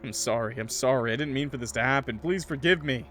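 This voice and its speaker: A man's voice: mid-range voice, fast talker, fairly bright tone, faint music behind, lightly acted. A man voicing a guilt-ridden young man who pleads for forgiveness in a raised, frantic voice. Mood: pleading.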